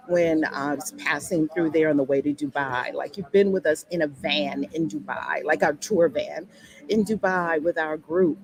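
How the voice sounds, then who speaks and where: A woman's voice: fairly low pitch, low-quality recording. A woman acting as spiritual teacher, giving a live, heartfelt and chatty talk and prayer reading into a laptop's built-in mic. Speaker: spiritual teacher leading a daily lesson.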